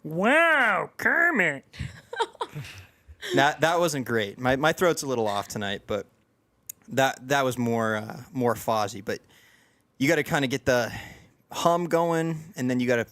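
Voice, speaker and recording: A young man chats casually as a podcast host, rambling and self-deprecating, stopping and restarting often. His voice sits at an ordinary pitch and sounds dry and close. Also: expressive, moderate pace, fairly bright tone, no echo. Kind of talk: casual chat.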